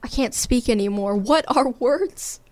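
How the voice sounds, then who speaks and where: A giggly teenage girl co-hosting a podcast, rambling and poking fun at herself. Her voice sits fairly high and sounds dry and close. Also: a little slow, a little mellow, no echo. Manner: giggly, rambling, self-mocking. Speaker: podcast co-host. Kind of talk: casual podcast chat.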